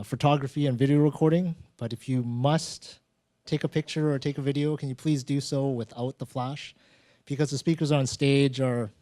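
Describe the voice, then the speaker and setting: A man hosting a live storytelling event on stage, talking in a relaxed, conversational way and acting out little exchanges from his own stories. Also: medium pitch, dry recording. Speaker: host of a live storytelling show.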